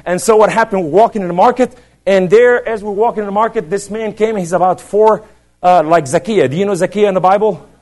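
Middle-aged male preacher, fiery sermon delivery, voice sits slightly high, big swings from shouting down to near-whispers. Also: brisk. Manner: impassioned, swinging from shouts to hushed tones; dramatic storyteller.

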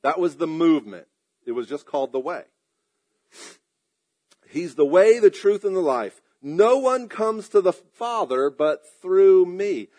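A man with a slightly raised pitch preaches a sermon. He stretches out his emphatic lines, then drops into soft, quick asides. Now and then he clears his throat. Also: expressive. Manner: preaching with emphatic drawn-out phrases and sudden asides. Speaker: pastor.

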